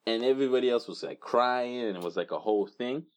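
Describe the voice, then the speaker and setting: A young man co-hosting a casual podcast chat, telling stories in an animated way and acting out voices. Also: medium pitch, fast, clear, resonant tone. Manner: animated storyteller, acts out screams and voices. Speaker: podcast co-host.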